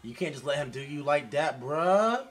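A man talks straight to his viewers as he reacts to a music video. His voice sits fairly high and jumps around a lot, loud one moment and mumbled the next. Faint music plays behind him. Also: moderate pace. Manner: animated, talks straight to viewers, shifts between loud excitement and quiet mumbling. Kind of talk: casual reaction commentary.

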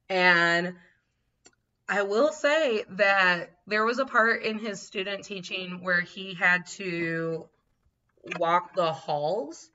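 A woman co-hosting a podcast tells stories in a lively, casual way, often breaking into laughter and acting out what people said. Her voice is bright and forward, captured on a slightly dull, lo-fi recording. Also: on the low side. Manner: animated, laughs often, acts out quotes. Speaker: podcast co-host. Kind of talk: casual storytelling chat.

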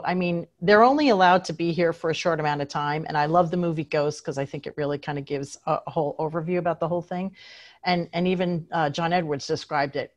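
Lower-voiced woman guest, lively storyteller, acts out quotes, casual chat. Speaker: animal communicator guest.

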